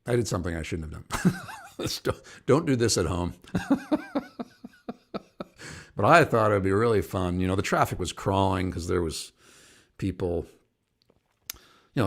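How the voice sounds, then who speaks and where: A middle-aged man, a singer and activist, rambles and chuckles as he tells stories and greets viewers by name on his live online show. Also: deep voice. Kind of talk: casual live-stream storytelling.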